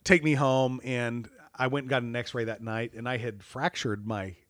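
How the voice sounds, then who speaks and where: A man's voice: mid-range voice, normal speed, dry recording. Guy telling a goofy story on a podcast, laughs a lot, dry close sound. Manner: animated, laughs often, self-deprecating. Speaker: church staff guest. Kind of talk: casual storytelling chat.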